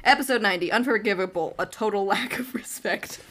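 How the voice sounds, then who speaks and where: A woman's voice: mid-range voice, fairly bright tone. Wry woman podcast co-host. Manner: wry, reads titles aloud haltingly. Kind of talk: casual podcast chat.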